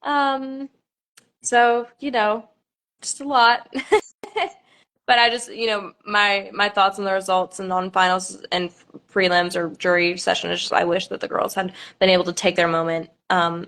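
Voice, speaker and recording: A woman's voice: medium pitch, level tone, measured pace, a bit bright. A young woman, a pageant contestant, chatting on a live stream with nervous laughter and many fillers.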